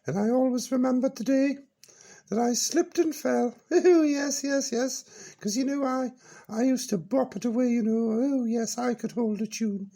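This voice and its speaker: A man's voice: extremely high pitch, normal speed, vocal fry, dark tone, pitched above the performer's own voice, heavily acted. A man voicing a giddy, grand older woman on a comic radio show, giggling and swooping between "oh, yes" and "no, no". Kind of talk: comic radio character bit.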